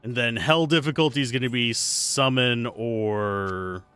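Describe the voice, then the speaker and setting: A man's voice: medium pitch, unhurried, a bit bright, clean tone, no echo. A man casually commentating while he plays a video game on a livestream, chatty and playful as he thinks aloud. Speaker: streamer playing a video game.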